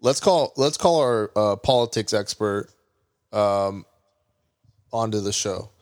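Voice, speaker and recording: A man's voice: lowish voice, slow pace, no echo, clean studio sound. A man co-hosting a podcast, brash and trash-talking in casual, profane banter. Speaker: podcast co-host.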